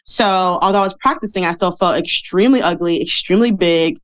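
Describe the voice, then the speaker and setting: A woman with a fairly low voice chats through her stories in a casual interview. She acts out the people she quotes, jumping high in pitch for their lines, then drops back to her easy storytelling tone. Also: normal speed. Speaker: podcast guest, model and speaker.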